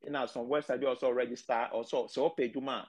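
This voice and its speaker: A man with a Ghanaian accent telling a story in a casual podcast chat, halting and restarting as he goes. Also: medium pitch, steady tone.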